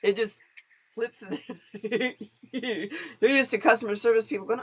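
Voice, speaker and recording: A woman hosting a casual tarot live stream. She chats warmly with her viewers, greets them by name and laughs often. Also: mid-range voice, measured pace, long pauses, husky.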